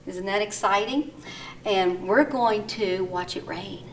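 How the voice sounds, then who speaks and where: Woman teacher, slow, gently coaxing young children, exaggerated sing-song read-aloud, distant mic with faint hum. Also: mid-range voice. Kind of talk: recorded lesson for young children.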